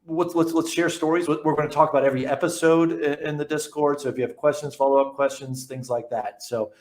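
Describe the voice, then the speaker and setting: A man's voice: fairly high pitch, fairly even intonation, fast, a little mellow. Eager male podcast host, echoey room. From New York. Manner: eager, with frequent word repeats and restarts. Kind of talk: casual interview chat.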